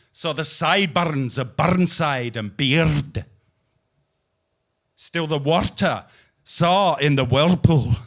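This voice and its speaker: Man playing a Scottish-accented verse reciter, rolled R's, lively sing-song delivery. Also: fairly high pitch. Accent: put-on Scottish.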